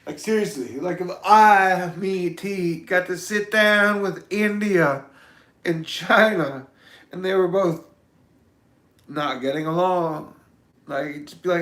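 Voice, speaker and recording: A man vlogging in a loose, meandering monologue, cursing freely and swinging from mumbles to shouts. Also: high-pitched, slow pace, echoey room. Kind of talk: rambling casual monologue.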